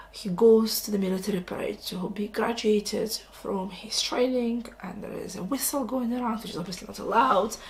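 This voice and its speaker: Woman, casual book chat, enthusiastic, faint room noise. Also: mid-range voice. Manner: enthusiastic, chatty, exclaiming. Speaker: book vlogger.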